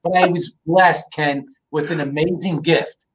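A middle-aged man from the Philadelphia area, a guest in an interview, telling family stories in a lively, casual way and often checking in with "right?". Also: a little high, unhurried, noisy background. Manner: animated storyteller, asks "right?" often. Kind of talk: casual storytelling.

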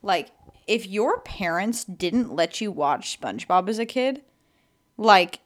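A woman's voice: mid-range voice, animated. A young woman hosting a podcast in casual chat, rambling and filling her sentences with "like". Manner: rambling, fills every pause with "like". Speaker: podcast host.

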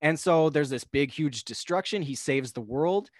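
A young man on a podcast, casually talking through a film in a rambling, animated way. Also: fairly high pitch, moderate pace, dry recording, clean studio sound. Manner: rambling, animated, acts out characters' lines. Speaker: podcast guest.

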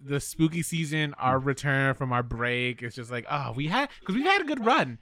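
A man co-hosting a film podcast in casual chat, animated and often acting out his own reactions. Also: mid-range voice, normal speed. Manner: chatty, animated, quotes himself. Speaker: podcast co-host.

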